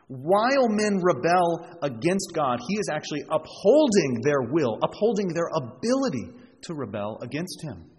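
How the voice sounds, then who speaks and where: A man preaching an expository sermon, emphatic, rising on key phrases and dropping low for quieter asides. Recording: reverberant hall with faint noise.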